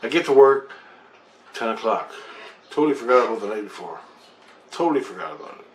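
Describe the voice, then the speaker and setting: A man's voice: mid-range voice, animated, brisk. A man telling a personal story casually, rambling and swearing, laughing at himself and sometimes dropping to a mutter. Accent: Windsor, Ontario. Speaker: storyteller recounting a personal experience. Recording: roomy echo, faint background hum.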